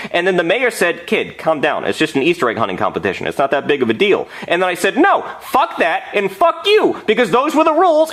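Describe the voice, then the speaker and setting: A man voicing a small, brash Brooklyn guy with a Brooklyn accent, telling rambling, petty stories in a comedic animated monologue. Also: high-pitched. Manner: rambling, brash, easily outraged.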